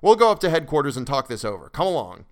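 A man's voice: a little high, big pitch swings, quick pace. A man voicing an older army colonel who speaks in a teasing, kindly way.

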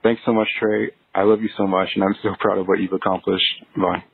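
A man from Texas leaves a voicemail over a thin, phone-like line. His voice sits very low and flat, with a gravelly, husky edge. He tells his story in an earnest, steady way. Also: brisk, a little hiss or hum. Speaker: voicemail caller. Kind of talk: phoned-in voicemail asking advice.

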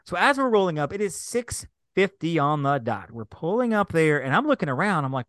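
A man co-hosting a podcast, telling a travel mishap as a lively story and acting out the back-and-forth. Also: a little high, fairly quick, few pauses, no echo, clean studio sound. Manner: animated storyteller, acts out quoted exchanges. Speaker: podcast co-host. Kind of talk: casual chat, storytelling.

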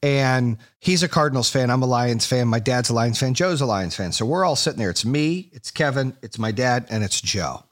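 A man's voice: medium pitch, normal speed, hardly any pauses. A middle-aged man hosting a podcast, telling stories in casual chat, swearing freely and acting out what people said. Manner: animated, swears freely, acts out quotes. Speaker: podcast host.

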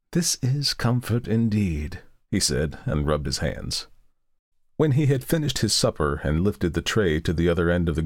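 A man reading a storybook aloud in a steady, measured way. His voice sits low, and the sound is dry and close with little room around it. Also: dry recording. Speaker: audiobook narrator. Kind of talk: scripted narration.

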